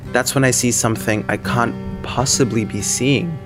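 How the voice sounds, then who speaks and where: A man's voice: mid-range voice, fairly even intonation, normal speed. A young man narrating an audio drama in the first person, anxious and self-deprecating, with faint music underneath. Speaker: narrator and lead character.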